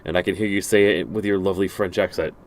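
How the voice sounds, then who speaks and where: This man streams a game, speaking fast in a low voice with fairly even intonation. Reading the in-game letters and messages aloud, he frequently stumbles, restarts, and adds dry remarks.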